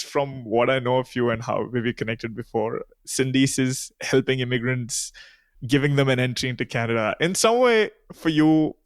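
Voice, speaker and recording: A man's voice: medium pitch, no echo. A man hosting a podcast interview, laughing easily and asking follow-up questions. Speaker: podcast host. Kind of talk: casual interview chat.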